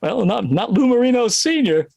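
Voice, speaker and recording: A middle-aged man from Connecticut telling a story in a casual interview, animated and laughing often. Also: extremely high pitch, moderate pace, creaky, no echo. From Connecticut, USA. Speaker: guest musician.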